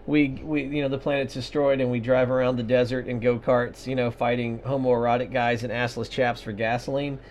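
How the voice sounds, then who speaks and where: A podcast co-host with a medium-pitched, mellow male voice and a level tone talks a little fast, barely pausing. His casual banter is sarcastic and profane, rambling with fillers and mock voices. The lo-fi audio sounds dull, with slight background noise.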